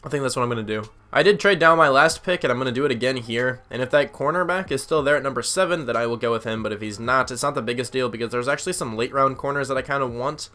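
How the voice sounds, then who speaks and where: A man's voice: medium pitch, quick pace, hardly any pauses, bright, forceful tone. A young man giving casual gameplay commentary, chatty and thinking aloud with lots of fillers. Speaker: gaming YouTuber.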